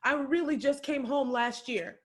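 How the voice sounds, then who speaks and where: A woman with a voice that sits high delivers an impassioned, preacher-like keynote speech at a measured pace, repeating phrases for emphasis and sometimes tearful. She is giving the address remotely by video from home.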